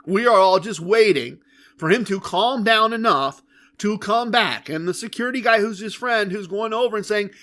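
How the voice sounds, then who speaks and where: A man hosting a podcast, telling a story in a casual, animated and emphatic way. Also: sits high, normal speed. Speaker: podcast host.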